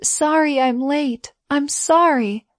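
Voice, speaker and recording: A tender young heroine from a bedtime storybook, put on by a woman narrator. She pleads in a raised, high voice, noticeably louder than the narration. The sound is dry and close. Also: slow, no room sound. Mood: pleading.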